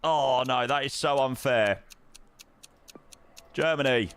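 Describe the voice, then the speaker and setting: Excitable man streaming live. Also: medium pitch, a little slow. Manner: excitable, swings between muttering and loud outbursts. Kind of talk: casual live-stream chat while playing.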